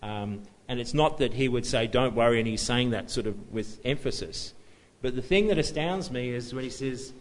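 A man's voice: mid-range voice, normal speed, few pauses, low-quality recording. A man preaching a sermon in a conversational, self-deprecating way, often restarting and chuckling at himself.

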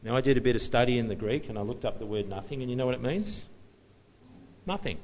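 A man's voice: medium pitch, rapid-fire, slight background noise, low-quality recording. A man preaching a sermon in a conversational, self-deprecating way, often restarting and chuckling at himself.

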